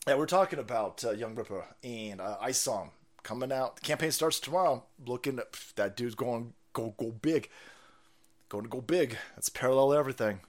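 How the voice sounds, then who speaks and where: A man hosting a livestream, reacting to clips with profane, excitable political commentary. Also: medium pitch, moderate pace. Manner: profane, excitable, laughs and shouts over clips. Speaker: livestream host. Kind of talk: casual political commentary stream.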